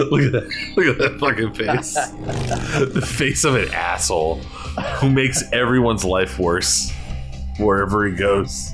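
A man's voice: fairly low pitch, lively intonation, slow pace, over music. A man hosting a podcast in a casual chat, rambling and swearing and laughing a lot. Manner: rambling, profane, laughing often. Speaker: podcast host.

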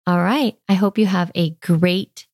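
A woman's voice: lowish voice, measured pace. A woman hosting a parenting podcast, talking in a chatty, conversational way and using a lot of filler words. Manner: warm, chatty, lots of "like" fillers. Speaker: parenting podcast host and coach. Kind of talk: podcast monologue.

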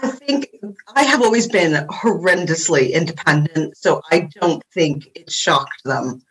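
A woman's voice: low-pitched, expressive, measured pace, a bit bright, poor audio. An American woman in her forties, a podcast guest chatting casually and laughing often in a self-deprecating way. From United States. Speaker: guest, interior design blogger. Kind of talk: casual interview chat.

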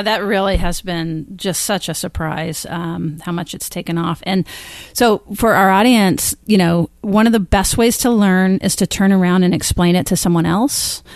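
A middle-aged woman co-hosting a podcast interview, telling personal stories in an expressive way and laughing often. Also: lowish voice, dry recording. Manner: warm, expressive storytelling with frequent laughs. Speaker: podcast co-host. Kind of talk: conversational interview.

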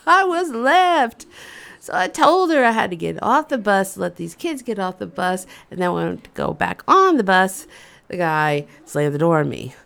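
A woman in her fifties hosts and tells a funny story from her own past. She talks in an animated, conversational way. Her delivery is dramatic, with sudden loud bursts between quieter asides. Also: medium pitch, clean tone. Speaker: storyteller host. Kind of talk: comedic personal storytelling.

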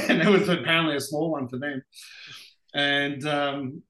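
Australian male guest, animated storyteller, bright tone, roomy sound. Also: on the high side, a little slow. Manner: animated anecdotes, laughs often. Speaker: podcast guest, racing driver. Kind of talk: casual storytelling interview. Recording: roomy echoey room.

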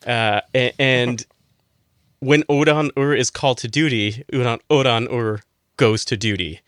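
Bright-voiced, gushing male co-host. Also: mid-range voice, a little slow, no room sound, studio quality. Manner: gushing, acts out quotes, laughs often. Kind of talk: casual roundtable chat.

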